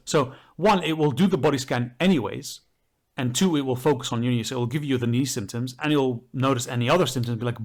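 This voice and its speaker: A man's voice: medium pitch, fast talker. Enthusiastic man explaining on a podcast. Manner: enthusiastic, explaining at length with fillers. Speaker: podcast co-host. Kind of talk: casual podcast chat.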